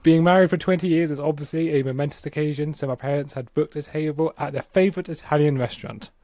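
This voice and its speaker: A man's voice: fairly high pitch, fast, dark tone, no echo, clean studio sound. A man co-hosting a casual podcast, reading a story aloud and laughing with his co-host. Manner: jokey, laughs often.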